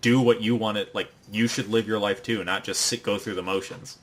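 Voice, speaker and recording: A young man co-hosting a podcast, casually recapping an anime episode in a rambling way and acting out the characters' lines in quick put-on voices. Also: fairly low pitch, steady tone. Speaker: podcast co-host.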